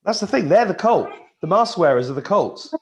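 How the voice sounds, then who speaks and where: A man hosts a live video call with a lively, up-and-down voice. He chats easily, chuckles and brings guests on one after another. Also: high-pitched, fairly quick. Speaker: host. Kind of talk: casual live stream chat.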